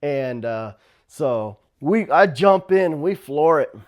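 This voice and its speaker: A man from the Navajo Nation, a former tribal police officer, telling stories casually. He laughs often and shouts out the quoted lines. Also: a little high, expressive, slow pace. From Navajo Nation, US Southwest. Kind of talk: casual storytelling.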